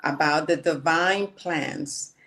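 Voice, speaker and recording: A woman calmly leading guided breathing and affirmations. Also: deep voice, gravelly. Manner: calm, measured guidance. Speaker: spiritual teacher.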